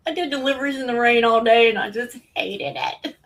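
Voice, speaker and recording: A woman's voice: on the high side, a little slow, a bit bright. Chatty breathless woman live-streaming. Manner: chatty, rambling, laughs often, greets viewers. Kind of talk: casual live stream chat.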